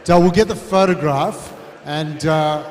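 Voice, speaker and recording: A man's voice: a little high, a little slow, darkish tone. A man hosting an awards night, chatty and loose with fillers. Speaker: awards ceremony host. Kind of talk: live emcee patter. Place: large reverberant event hall with audience. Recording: echoey hall, crowd behind.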